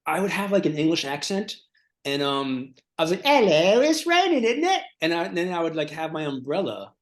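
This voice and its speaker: A man at a middle pitch riffs through invented stories, trailing off, restarting and stacking one absurd detail on another. His talk is loose and conversational, full of likes and ums. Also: a little fast. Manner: rambling, lots of fillers, builds absurd details. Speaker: comedian co-host. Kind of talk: improvised comedy chat.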